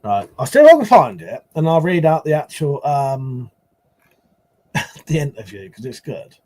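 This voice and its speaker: A man's voice: on the high side, sing-song, unhurried, a little mellow. A man hosting a casual live stream, rambling and swearing as he answers chat.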